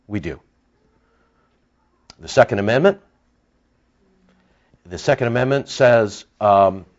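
A man preaching a sermon with impassioned, emphatic delivery that rises into outbursts. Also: medium pitch. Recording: dull lo-fi sound.

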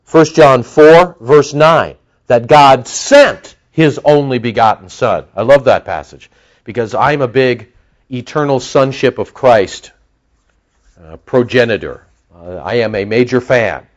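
A man preaching a sermon as pastor, animated, with lively emphasis and asides to his listeners. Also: mid-range voice, unhurried, dull audio.

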